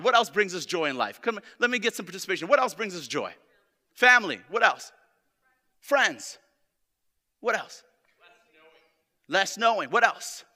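A high, very bright male voice preaching a sermon, with a long reverb trailing off the walls of the church hall. He lingers over scripture with deliberate emphasis, keeps calling on the congregation with questions, and talks with open, heartfelt emotion. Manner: speaks with open emotion and personal warmth.

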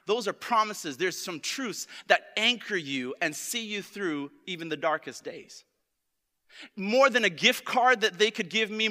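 Bright-voiced preacher in a reverberant church. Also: male voice, high-pitched. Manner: reads scripture slowly and with emphasis, draws in the congregation with questions; speaks with open emotion and personal warmth. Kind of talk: sermon. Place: church hall.

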